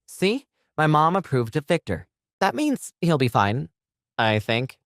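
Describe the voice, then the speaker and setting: A man's voice: fairly high pitch, sing-song, a little slow, fairly bright tone, dry recording, studio quality, voice pushed up, full character voice. A man voicing a commanding young vampire woman in an audio story, with a bossy, scolding manner.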